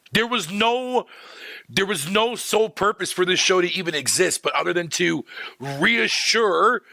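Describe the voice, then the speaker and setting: A man's voice: a little high, creaky, sharp tone, no echo. A man streaming live, ranting profanely to his chat in a casual, exasperated way. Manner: talks to chat viewers by name.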